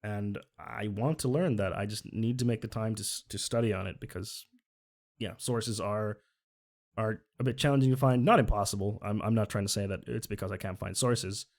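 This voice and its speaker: A Finnish man streams a casual reaction to a video, chatting earnestly at a normal speed in a lowish voice. He often corrects himself as he goes.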